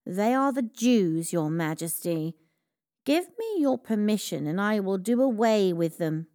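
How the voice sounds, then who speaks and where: A woman's voice: medium pitch, big pitch swings, unhurried, mellow. A woman voicing a scheming, villainous royal adviser in a storybook reading, with a commanding, sinister voice. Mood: menacing.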